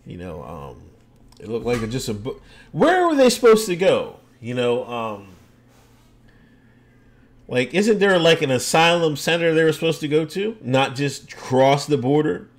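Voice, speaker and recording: A man's voice: a little high, very animated, measured pace. A man hosting a casual livestream podcast, answering viewer comments with loose, joking, sarcastic asides and frequent laughs.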